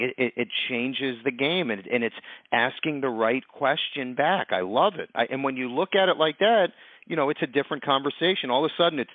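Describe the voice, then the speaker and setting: A man's voice: medium pitch, fairly quick, no echo. Eager male podcast host on a tinny line. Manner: enthusiastic, repeats "I love it". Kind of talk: casual podcast chat. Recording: tinny phone-like line, dry.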